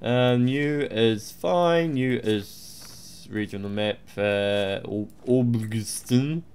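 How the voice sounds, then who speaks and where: A man's voice: mid-range voice, sing-song, slow pace, slight background noise. A man giving playful, mock-official gameplay commentary, humming to himself and swearing now and then. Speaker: let's play host.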